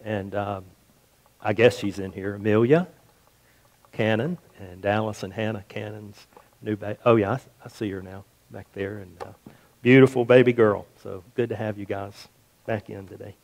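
A man's voice: fairly even intonation, normal speed, a little mellow. A man preaching a sermon as a pastor, telling a story and acting out the voices in it. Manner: storytelling, acts out the quoted voices in a higher pitch. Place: church sanctuary.

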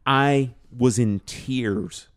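A man, a guest on a podcast, telling a personal story in a casual, animated way and filling it with "you know". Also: medium pitch, extremely slow, clean tone. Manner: animated storyteller, acts out quoted dialogue, many "you know"s. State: emotional, choked up. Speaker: podcast guest, drum teacher.

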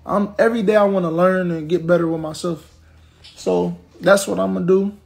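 Young man ranting on a livestream, gravelly and high. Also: steady tone, normal speed, a little mellow. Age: 20s. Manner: blunt, profane, ranting at commenters. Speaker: social media personality on a livestream. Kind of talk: venting on a livestream.

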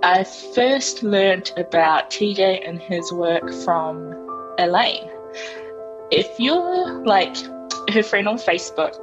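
Slow-talking New Zealand woman. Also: medium pitch, lo-fi sound. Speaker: fan group admin.

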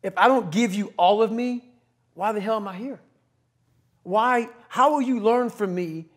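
A middle-aged man on a podcast, giving a blunt, profane, forceful motivational talk. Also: high-pitched, a little slow. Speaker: podcast guest.

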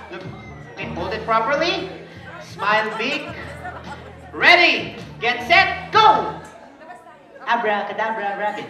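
A woman with a Filipino accent working as a party magician, playfully teasing and coaxing the children through her tricks. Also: a little high. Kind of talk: live kids' party magic show. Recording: echoey party hall, far from mic, music and crowd.

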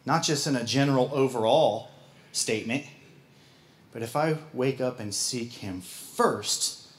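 A man with a Midwestern American accent preaching a sermon as pastor, folksy and quick to laugh at himself. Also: mid-range voice.

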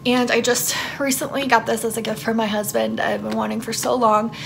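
A woman's voice: a little high, flat delivery, fairly quick, gravelly, very noisy. A woman giving a casual tarot card reading for her channel, chatting in a rambling way with lots of fillers. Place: her home, downstairs.

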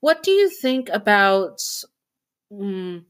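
A woman voicing a nervous teenage girl with a crush in a role-play story, speaking shyly and haltingly. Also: medium pitch, big pitch swings, pitched above the performer's own voice. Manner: shy, halting.

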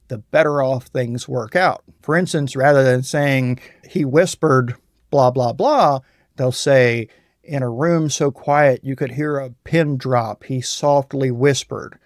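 A man narrating a software tutorial voice-over in a plain, explanatory and self-deprecating way, recorded on a close mic. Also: medium pitch, dry recording. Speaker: tutorial host.

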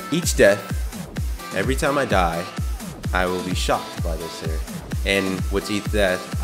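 A young man hosting a gaming video, talking casually through gameplay in a jumpy, excitable way with frequent yelps and swearing. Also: deep voice.

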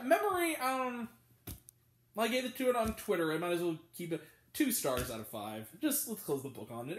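A man giving a casual movie review, talking in an animated, sarcastic way and often breaking into laughter. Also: extremely high pitch. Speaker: film reviewer. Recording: roomy echo.

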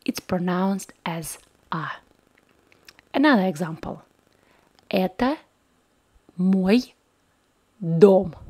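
A woman teaching a language lesson in a soft, unhurried voice, repeating sounds patiently and sometimes dropping into a whisper. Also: medium pitch, slightly rough. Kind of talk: softly spoken lesson.

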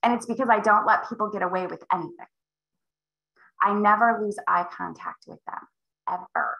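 A woman sales coach leading a live call, emphatic and acting out client conversations with big swings in pitch. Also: normal speed, creaky, echoey room, highs cut off. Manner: emphatic, role-plays client dialogue with big pitch jumps. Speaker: real estate sales coach.

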